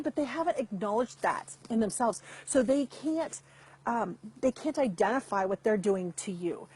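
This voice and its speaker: A woman's voice: a little high, lively intonation, moderate pace, a little mellow, slightly rough. A middle-aged woman hosting a chatty live stream, talking straight to her viewers over a computer mic. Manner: chatty, repeats and restarts, addresses viewers directly. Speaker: host. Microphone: computer mic over weak internet.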